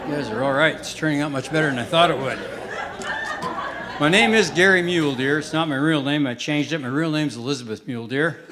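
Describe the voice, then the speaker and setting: A man doing live stand-up comedy in a deadpan one-liner style, on stage before an audience. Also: fairly high pitch, brisk, over a noisy crowd, very noisy. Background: audience laughter.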